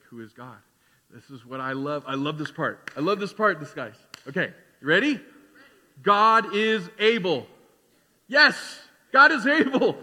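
A man preaching a sermon as pastor, animated, swinging between loud declarations and quiet asides. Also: fairly high pitch, in a large hall. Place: church sanctuary.

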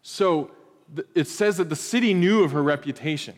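A male pastor in his thirties delivers a sermon in a lively storytelling manner with playful asides. His voice sits a little high for a man. The sound carries a long reverb from a church hall. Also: moderate pace.

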